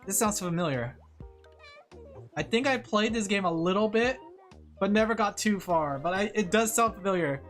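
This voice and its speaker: A woman's voice: mid-range voice, lively intonation, moderate pace, soft background music. A woman streamer chatting casually while she draws, rambling and thinking aloud as she reads chat. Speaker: vtuber streamer.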